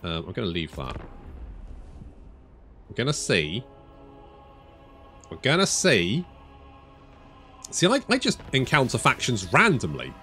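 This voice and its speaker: A man talking through a strategy game he is playing, thinking out loud and rambling, with the odd swear word slipped in. His pitch is middling, but his delivery is lively and bounces up and down a lot. He often stops to correct himself mid-sentence. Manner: casual, thinks aloud, swears, self-correcting. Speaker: gaming YouTuber. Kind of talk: strategy game let's play commentary.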